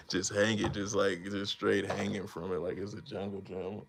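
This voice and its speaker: A man's voice: fairly low pitch, moderate pace, vocal fry, noisy background. A man in his thirties chatting casually on a live stream about making beats, rambling in a laid-back, slangy way and laughing often. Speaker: beatmaker streamer.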